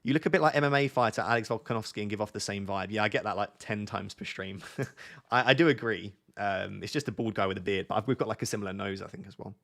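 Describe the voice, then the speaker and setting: A man's voice: lowish voice, quick pace, fairly bright tone. Chatty man reading out chat questions. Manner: waffling, joking. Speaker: streamer. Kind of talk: casual live-stream chat.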